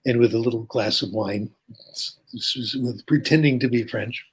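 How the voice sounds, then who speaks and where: An older man, a linguistics professor, explains ideas and tells anecdotes in an interview, often checking in with a quick "okay?". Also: mid-range voice, breathy edge.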